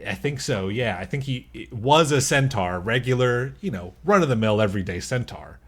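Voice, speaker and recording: A man's voice: medium pitch, expressive, moderate pace, fairly bright tone, breathy edge. A man chatting as a podcast guest, rambling and often laughing mid-sentence. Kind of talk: casual chat.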